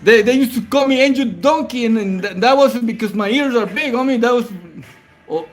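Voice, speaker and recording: Man, very high voice, slangy and profane, rambling livestream chat, faint music behind. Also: brisk. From Whittier, Southern California. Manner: slangy, profane, rambling, calls viewers bro and homie. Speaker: livestream host. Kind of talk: late-night casual livestream chat.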